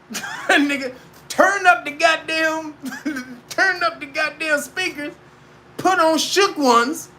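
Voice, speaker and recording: A man rants casually in a very high, bright voice. He is profane and animated and laughs often. Faint noise hums underneath. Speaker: commentator. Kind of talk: casual rant monologue.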